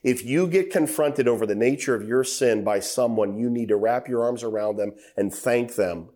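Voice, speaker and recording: A middle-aged man preaching a sermon, telling a story with acted quotes and climbing to loud, emphatic high passages. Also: moderate pace.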